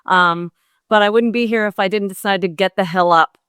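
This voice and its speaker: A woman's voice: medium pitch, a little fast, a bit bright, smooth, dry recording, studio quality. A middle-aged woman from Canada, a golf pro and podcast guest, telling a story bluntly and with energy. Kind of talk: casual interview chat.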